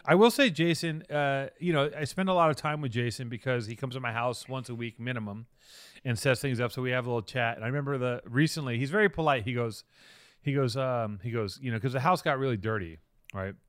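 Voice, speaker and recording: A man's voice: mid-range voice, fast, fairly bright tone, smooth, dry recording, clean studio sound. A man co-hosting a podcast, chatting casually in a rambling, profane way and mock-quoting people. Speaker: podcast co-host. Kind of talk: casual banter.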